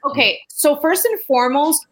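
A woman's voice: high voice, moderate pace, rough recording. A woman in casual chat, giving advice emphatically and laying out her points one by one.

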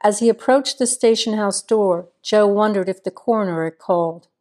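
A woman narrating a small-town crime novel in a measured storytelling manner. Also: medium pitch, darkish tone. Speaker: audiobook narrator. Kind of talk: scripted narration.

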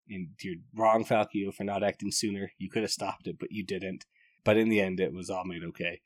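A man's voice: lowish voice, dry recording, studio quality. A man giving a casual, enthusiastic book review, rambling and often restarting his sentences.

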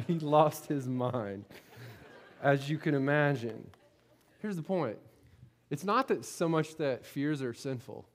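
A middle-aged pastor from Florida preaches in a church sanctuary, his voice animated and on the high side. He speaks slowly with frequent pauses as he tells a personal story conversationally, often repeating words and checking in with the congregation.

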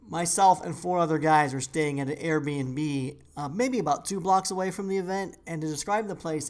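A man co-hosting a podcast, chatting casually and telling rambling stories with lots of fillers. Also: fairly high pitch. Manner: rambling, laid-back storytelling. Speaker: podcast co-host. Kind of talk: casual chat.

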